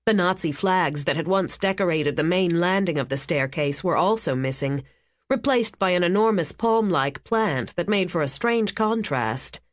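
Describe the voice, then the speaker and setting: A woman narrating a thriller audiobook in an even, steady storytelling manner. Her voice sits fairly low, and the close studio recording is completely dry. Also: normal speed, no echo.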